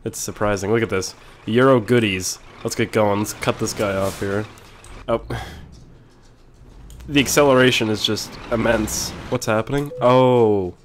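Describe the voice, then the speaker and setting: A gaming video host records a casual let's-play while sick, clearing his throat often. He's excitable and quick to yell and swear when things go wrong. His voice is fairly low, with slight background noise.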